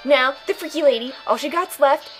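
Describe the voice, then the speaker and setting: A woman's voice: high-pitched, moderate pace, a bit bright, faint music behind, poor audio. A young woman casually commenting on her own game playthrough, rambling and joking as she goes. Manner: rambling, jokey, puts on silly voices. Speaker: gamer doing a let's play.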